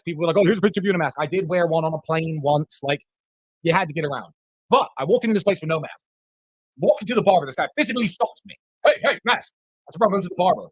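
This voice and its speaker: Combative man on a podcast, fast talker, dry and close. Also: high-pitched, slightly rough, no room sound, poor audio. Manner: boastful, profane, combative. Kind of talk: casual podcast storytelling.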